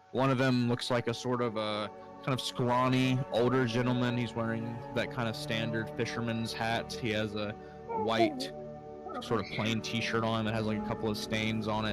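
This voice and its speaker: A man narrating as game master, easygoing and full of fillers. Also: lowish voice.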